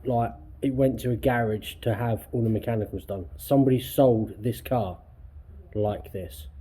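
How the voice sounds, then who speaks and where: A man's voice: medium pitch, fairly even intonation, normal speed, mellow, husky. A man restoring a car in his workshop vlog, ranting angrily with heavy swearing. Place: garage workshop.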